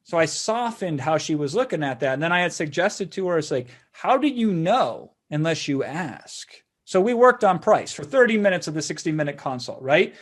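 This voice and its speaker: A man's voice: fairly high pitch, animated, brisk, few pauses. Persuasive man hosting a sales webinar. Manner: persuasive, conversational, frequent "right?" tags. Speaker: webinar host.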